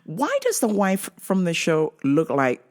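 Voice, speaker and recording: A woman hosting a show, ranting in a casual, comic way with lots of swearing, high shrieking laughter and acted-out quotes. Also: measured pace, very noisy. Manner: profane, animated, bursts into high shrieking laughter; acts out voices in quoted asides. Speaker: podcast host. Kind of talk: casual comedic rant.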